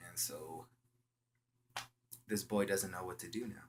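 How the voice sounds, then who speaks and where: A young man with a low voice tells a story casually, full of slang. He halts often and restarts his sentences. A faint hum runs behind his voice. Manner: slangy, halting, with frequent restarts. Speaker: vlogger.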